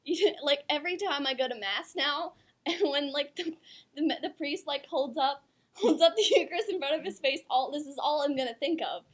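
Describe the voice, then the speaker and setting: A young woman with a high, bright voice co-hosts a casual talk segment. She gushes and giggles, leaning on "like" as she chats. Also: normal speed. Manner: giggly, gushing, lots of "like". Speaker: co-host. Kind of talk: casual chat.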